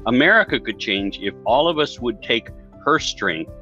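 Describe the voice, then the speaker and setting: Bright-voiced male talk show host. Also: medium pitch, lively intonation, moderate pace, soft background music. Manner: emphatic, motivational. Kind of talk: conversational interview. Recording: dull lo-fi sound.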